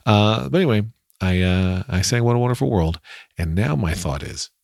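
A man's voice: fairly low pitch, lively intonation, normal speed, vocal fry, a little mellow, dry recording, clean studio sound. A man hosting his own podcast, telling a rambling, self-deprecating story in a casual solo monologue. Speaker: podcast host.

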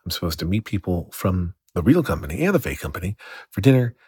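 Young guy doing a rambly solo podcast, deep voice, dry close sound, kinda distracted. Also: big pitch swings, fast talker, darkish tone, slightly rough, dry recording. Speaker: podcast host. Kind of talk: casual solo podcast storytelling.

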